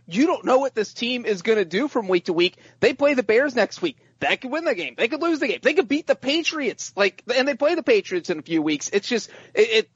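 A man co-hosting a podcast, chatting in an animated way and often repeating his first words. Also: high-pitched, breathy edge, no echo, highs cut off. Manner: animated, repeats words when starting sentences. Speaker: podcast co-host. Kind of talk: casual sports chat.

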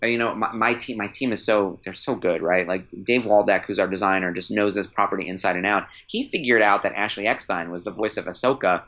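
A man chatting casually as a podcast guest, an animated, rambling fan who restarts his sentences. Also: lowish voice, a little fast, hardly any pauses, low-quality recording. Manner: animated, rambling, self-interrupting storyteller; enthusiastic fanboy. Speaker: trading card company guest.

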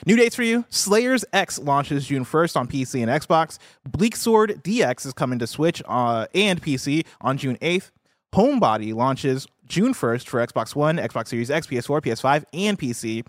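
A playful man hosting a studio gaming show, his voice sitting a bit high and bouncing lively up and down. The sound is dry and close, and he runs through release lists at a brisk clip. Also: dry recording. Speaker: host. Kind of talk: casual chat on a gaming news show.

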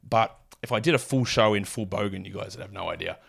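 A man from Australia with a mild Australian accent, hosting a solo fantasy basketball podcast and rattling off statistics with quick asides. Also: lowish voice, gravelly, a bit bright. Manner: rapid stat-heavy delivery with asides.

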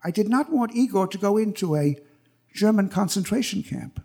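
Older man telling a story on stage, high voice. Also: moderate pace, gravelly, husky. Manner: animated, acts out quoted voices. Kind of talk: live personal storytelling. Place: stage at a live event.

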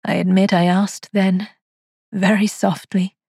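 A frail, frightened old spinster tells of her haunted nights, voiced by a woman reading the story. The voice is husky and hushed, recorded dry and close to the mic, in a mid-range tone. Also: mid-range voice, little pitch movement, a little slow, dry recording. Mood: uneasy. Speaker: narrator. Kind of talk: scripted first-person narration.

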